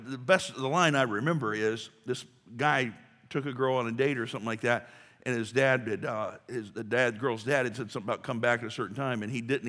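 A pastor delivering a sermon in a conversational way, building to emphatic rhetorical questions. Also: male voice, mid-range voice, fairly bright tone. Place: church sanctuary. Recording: long hall reverb.

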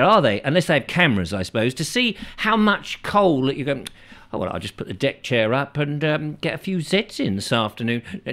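A middle-aged Englishman muses aloud on his own show, whimsical and chatty. His pitch rises and falls freely as he wanders from one silly thought to the next. He is a comic host, not a reader of a script. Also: a bit bright. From England. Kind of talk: comic rambling monologue.

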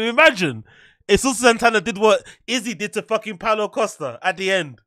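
A man's voice: high voice, expressive, brisk, bright, forceful tone, no room sound, studio quality. A man hosting a podcast, reacting to clips with incredulous, mocking commentary and frequent laughter. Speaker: podcast host.

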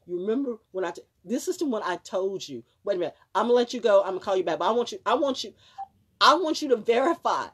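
Husky-voiced woman rambling on a live stream. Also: fairly low pitch. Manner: rambling and emphatic, with frequent swearing and restarts. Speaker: livestream host. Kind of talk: casual live-stream talk.

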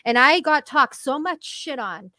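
A woman with a Massachusetts accent chats as co-host in a fairly high voice. She laughs often and swears freely. The sound is close and dry, with no room around it. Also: animated, pushed and bright, no echo. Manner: laughs often, swears, talks fast in runs. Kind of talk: casual chat.

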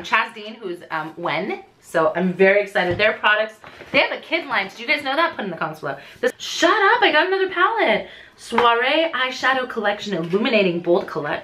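A woman in her thirties chatting through a casual unboxing vlog, gushing and excitable, gasping often. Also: medium pitch, a little hiss or hum. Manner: gushing, excitable, frequent gasps. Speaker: beauty vlogger.

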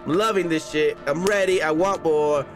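A man hosting a casual co-op let's play, excitable and swearing freely. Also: fairly high pitch, normal speed. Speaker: gaming channel host. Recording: gameplay music behind voice.

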